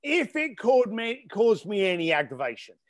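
Emphatic high-voiced man from East London. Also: sing-song, moderate pace. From East London, England. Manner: emphatic, blunt. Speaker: guest entrepreneur and author. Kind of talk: casual interview storytelling.

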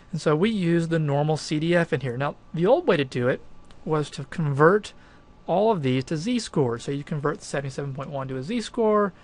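A man teaching statistics, walking through a problem step by step in a conversational, emphatic way. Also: fairly high pitch. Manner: conversational, emphatic, thinks aloud with fillers. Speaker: math instructor. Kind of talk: recorded lecture walkthrough.

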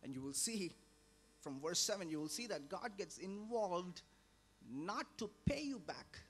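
A man preaching a sermon as a pastor, swinging between loud emphatic lines and hushed, low drops. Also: lively intonation, measured pace, slight background noise. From India.

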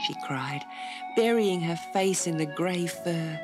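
A woman narrating a children's storybook in an expressive, measured way. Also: fairly low pitch, over music.

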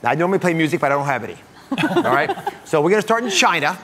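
A man's voice: on the high side, sing-song, racing, a bit bright, big-room sound. A middle-aged man hosting a studio talk show, playful and jokey as he quizzes his guests. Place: TV studio with audience.

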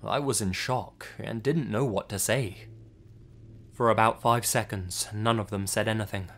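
A man reading a scary story aloud in a subdued, measured way, as scripted horror narration. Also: lowish voice, steady tone, fairly bright tone. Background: faint music.

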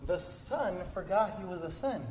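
A man's voice: sits high, lively intonation, moderate pace, a little mellow, slight background noise. A man preaching a sermon in a church, telling a story and building to impassioned emphasis. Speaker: pastor. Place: church sanctuary. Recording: echoey church room.

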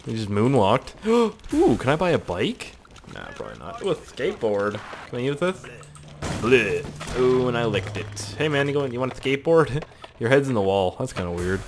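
A man giving excitable, crude let's-play commentary, swearing a lot and joking to himself. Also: mid-range voice, normal speed, slight background noise. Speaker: gaming video host.

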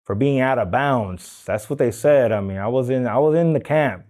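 Laid-back LA man, dark voice. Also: mid-range voice, normal speed. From Los Angeles. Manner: loose street slang, many "like" and "man" fillers. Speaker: tattoo artist, interviewee. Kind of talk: casual interview.

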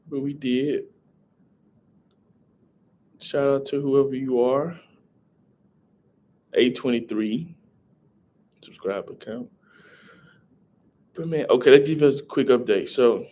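A man's voice: mid-range voice, a little mellow. A young man, rambling casually on a live stream and greeting viewers in chat. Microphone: headset.

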